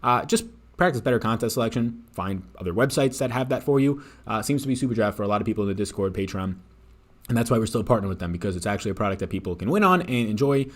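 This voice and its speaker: A man's voice: fairly low pitch, expressive, fast talker. A man hosting a live fantasy sports picks stream, talking casually and swearing freely.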